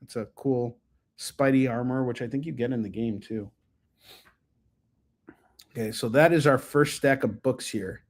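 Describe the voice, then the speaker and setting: American man hosting a live comic sales stream; loose, joking patter full of ums, medium-pitched everyday voice. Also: fairly even intonation, a little slow, pauses often. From United States. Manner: rambling, joking, lots of ums and asides. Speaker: host and comic book seller.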